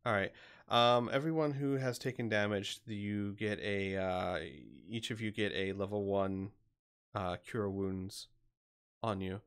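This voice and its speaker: A man narrating as game master of a tabletop game, relaxed and halting with fillers. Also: on the low side, clear, resonant tone.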